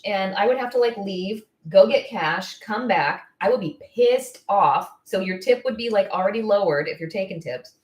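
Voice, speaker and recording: A woman coaching estheticians on business in casual live-stream talk, blunt, candid and quick to get fired up. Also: on the high side, reverberant. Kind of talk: casual live-stream advice, answering viewer comments.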